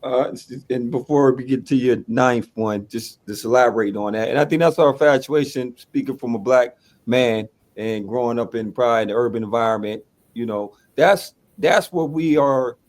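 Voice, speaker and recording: A man's voice: medium pitch, moderate pace, darkish tone. A man co-hosting a casual movie podcast, reflecting on a topic and laying out his points step by step, checking in with "right?". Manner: reflective, explains points step by step with tag questions. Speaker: podcast co-host.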